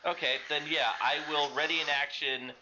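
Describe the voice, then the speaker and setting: A man's voice: on the high side, steady tone, normal speed, pushed and bright, slight background noise, poor audio. A man playing a tabletop game, thinking his moves through aloud. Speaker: player. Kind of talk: casual tabletop game play.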